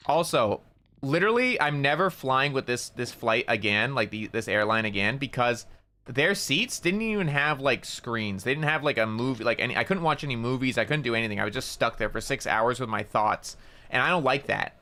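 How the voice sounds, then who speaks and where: A man's voice: mid-range voice, lively intonation, a little fast, sharp tone. A man streaming a game and telling a rambling story, stumbling over and repeating words and swearing casually. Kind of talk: casual storytelling while gaming.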